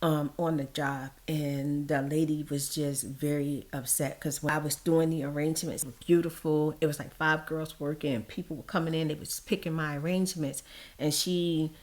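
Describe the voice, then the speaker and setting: A woman's voice: sits low, level tone, moderate pace, darkish tone. A middle-aged woman telling a personal story in casual vlog chat, acting out the people she quotes. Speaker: vlogger.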